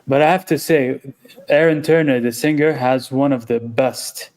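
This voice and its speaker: A man's voice: mid-range voice, a little mellow. Hesitant male podcast co-host. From Saudi Arabia. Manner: hesitant, halting with fillers. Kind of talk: casual podcast chat.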